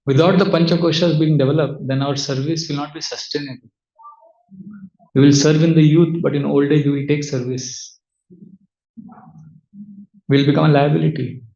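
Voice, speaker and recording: A man teaching as a spiritual speaker, giving a devotional talk with audience questions in a measured way, asking rhetorical questions and answering them himself. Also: a little high, fairly even intonation, vocal fry, mellow. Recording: roomy, slightly dull sound.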